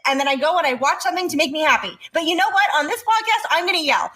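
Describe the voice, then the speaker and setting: A young woman from the Montreal area co-hosting a podcast, talking in a casual, animated, exasperated way. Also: high-pitched, fast talker, few pauses. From Montreal area, Canada. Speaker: podcast co-host. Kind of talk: casual chat.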